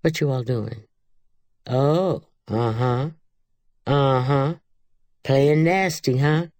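A woman voicing a stern, fierce mother of young girls, sharp and scolding in a dry, close recording. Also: a bass voice, extremely slow, no echo, full character voice. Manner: sharp scolding, softening to gentle.

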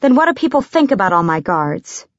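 A woman voicing a defiant, sharp-tongued young woman assassin. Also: medium pitch, sing-song, fairly quick, dry recording, muffled recording.

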